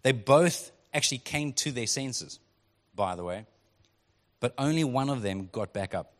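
A pastor preaches in a loose, chatty way and slips into quick acted-out quotes. His voice sits at an ordinary middle pitch for a man. The sound rings with the long reverb of a church sanctuary. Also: lively intonation. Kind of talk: sermon.

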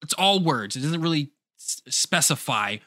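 Lively, cursing podcast guy with a bright voice. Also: a little high, moderate pace, no room sound, studio quality. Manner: animated, laughing, cursing freely. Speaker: podcast co-host. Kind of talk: casual podcast chat.

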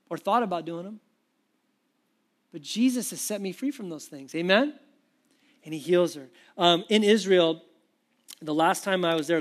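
A man preaching a sermon with animated, conversational storytelling. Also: high voice. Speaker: pastor.

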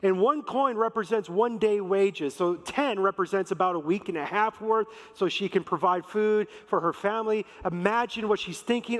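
A man's voice: high voice, moderate pace, few pauses, fairly bright tone. A man preaching a sermon in a conversational, emphatic way, acting out quotes. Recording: long reverb of a large hall.

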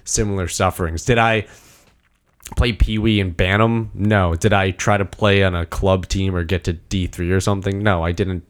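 Excitable man swearing in casual chat. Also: low voice, normal speed. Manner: excited, swearing, acts out movie quotes.

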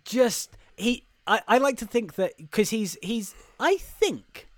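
A man's voice: sits high, expressive, slow, dry recording. A man co-hosting a podcast, recapping a film in a rambling, sweary casual chat. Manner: rambling, sweary, laughs often. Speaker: podcast co-host reviewing a film.

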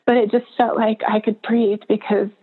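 Interview guest, woman, birth photographer: emotional and halting, with frequent laughs, on a tinny phone-like line. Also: fairly high pitch, flat delivery, slightly rough. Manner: emotional, laughs often between halting phrases. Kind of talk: personal storytelling in a podcast interview.

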